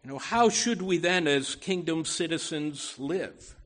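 Slow, earnest preaching man. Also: fairly high pitch, expressive, a bit bright. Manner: earnest preaching with frequent "you know" and restarts; slow, deliberate delivery with emphatic rises. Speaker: pastor. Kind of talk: sermon.

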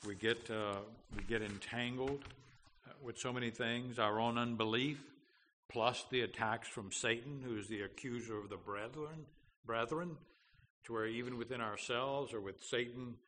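A man's voice: medium pitch, steady tone, moderate pace, pushed and bright. A man preaching a sermon as pastor, earnest and full of fillers and restarts, building to emphatic declarations. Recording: long hall reverb, faint background noise.

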